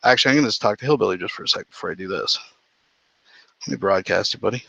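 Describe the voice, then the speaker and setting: A Canadian man hosting a livestream, his voice bright and forward as he rambles through his points with loose profanity. The sound is dry and close but dull and lo-fi. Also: sits low, animated, racing, gravelly, breathy edge, no room sound. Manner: rambling, profane, lots of restarts. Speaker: livestream host. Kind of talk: casual livestream commentary. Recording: dull lo-fi stream audio.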